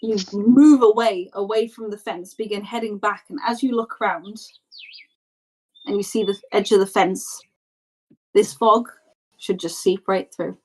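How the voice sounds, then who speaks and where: A woman runs a tabletop role-play as game master, her voice sitting in a middle pitch. She narrates loosely and descriptively, filling gaps with casual fillers. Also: steady tone, measured pace, darkish tone, poor audio.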